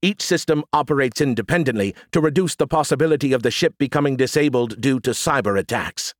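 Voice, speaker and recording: A man's voice: medium pitch, fast talker, no echo, studio quality, close to an everyday voice. A man voicing an arrogant, sarcastic male alien AI in an audiobook, snarky and theatrical. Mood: lecturing. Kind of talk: audiobook character voice.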